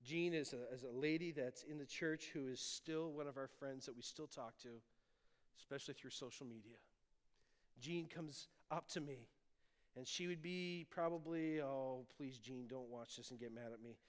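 Pastor guy giving a sermon in a church, mid pitch, voice rings out in a big reverby hall. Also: normal speed. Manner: personal testimony, swings from loud appeals to hushed tender lines. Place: church sanctuary.

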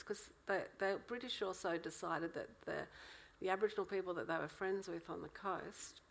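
Gravelly husky woman co-author. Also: on the low side, moderate pace, few pauses, poor audio. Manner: lively, explanatory storytelling. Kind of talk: conversational interview.

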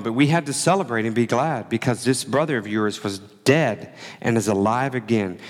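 Guy preaching a sermon, chatty, acts out the quotes, big echoey church hall. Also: lowish voice. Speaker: pastor.

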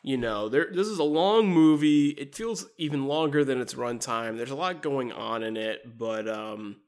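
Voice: mid-range voice, normal speed. A podcast host chatting casually about a movie, laughing often and restarting sentences. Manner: animated, laughing, stumbling restarts. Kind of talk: casual movie review chat.

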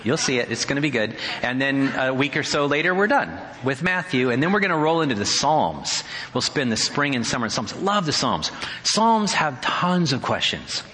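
A man preaching a sermon as pastor, conversational and animated with wry humor. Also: medium pitch, normal speed. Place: church sanctuary. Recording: hall reverb.

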